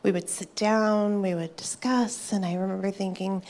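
A woman in her fifties giving a personal faith testimony to an audience, earnest and reflective, pausing and restarting as she speaks. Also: mid-range voice, steady tone, darkish tone. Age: 50s.

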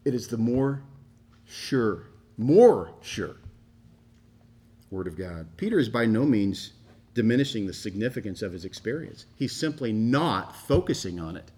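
A man's voice: lowish voice, lively intonation, normal speed, a little mellow, slightly rough. Emphatic male preacher. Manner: emphatic, repeats key phrases with rising stress. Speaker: pastor. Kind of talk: expository sermon.

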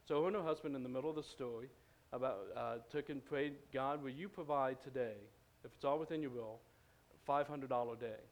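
A man's voice: mid-range voice, a little fast. A man preaching in a church, telling a story in a loose, conversational way, with many fillers and restarts. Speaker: pastor. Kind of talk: storytelling sermon.

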